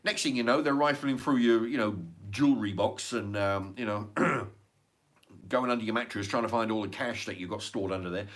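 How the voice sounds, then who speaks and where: A man's voice: fairly low pitch, brisk. A man talking in a casual, rambling monologue, blunt and sweary, often repeating words and restarting his sentences. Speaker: vlogger.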